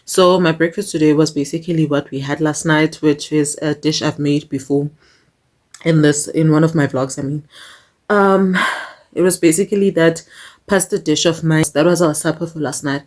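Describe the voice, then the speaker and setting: A woman's voice: low voice, fairly even intonation, moderate pace, a little mellow. Chatty woman vlogger. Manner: chatty, mixes in local-language phrases, laughs often. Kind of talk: casual chat.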